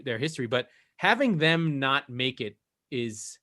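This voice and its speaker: A man co-hosting a casual football podcast, animated and profane, his pitch jumping up when he makes a point. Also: a little slow. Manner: animated, profane, rising to high emphatic pitch. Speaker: podcast co-host. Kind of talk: casual sports chat.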